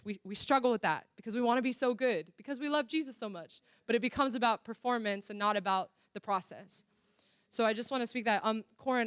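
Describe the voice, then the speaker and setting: A woman's voice: mid-range voice, a bit bright, clear, resonant tone, no room sound, clean studio sound. A woman giving an earnest, candid church workshop talk, full of casual fillers. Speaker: workshop speaker. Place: church venue.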